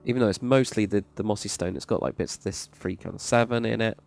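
Gravelly, low-voiced man gaming. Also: fast talker, darkish tone. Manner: enthusiastic, rambling, praises freely. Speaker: Minecraft server plot reviewer. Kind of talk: casual game commentary. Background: faint background music.

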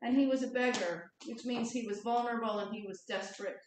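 A woman pastor telling a story in a relaxed, conversational sermon. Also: a little high, brisk, noisy background. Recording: echoey church hall from far off.

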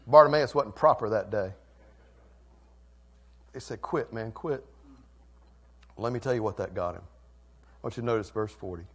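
A male pastor preaching a passionate sermon that swings between loud and soft. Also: lowish voice, animated, fairly quick.

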